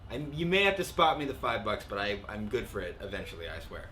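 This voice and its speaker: A man's voice: on the low side, sing-song, fast, sharp tone, a little hiss or hum. A man from the Midwest, a guest composer, joking around in casual livestream chat. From American Midwest. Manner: joking, playful.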